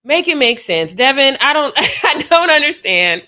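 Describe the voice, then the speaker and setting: Young woman co-host, bright tone, animated and quick to laugh, sports chat. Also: high-pitched. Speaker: show co-host.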